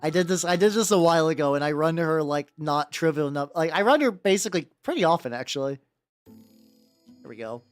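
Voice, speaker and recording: Lively, rambling man chatting on stream. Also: a little fast, soft background music. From United States. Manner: rambling, lots of "like" and restarts; higher-register male voice. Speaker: miniature-painting streamer. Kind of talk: casual livestream chat.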